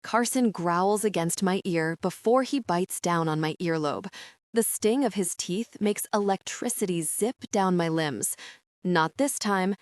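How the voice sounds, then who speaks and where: A woman's voice: lowish voice, measured pace, no echo, clean studio sound. Woman reading an intimate romance audiobook. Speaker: audiobook narrator. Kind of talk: first-person romance audiobook narration.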